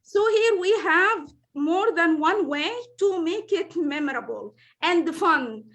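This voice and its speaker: A woman's voice: extremely high pitch, expressive, takes it slowly, fairly bright tone. A woman running an online training session for teachers, patient and repeating her words, with many fillers.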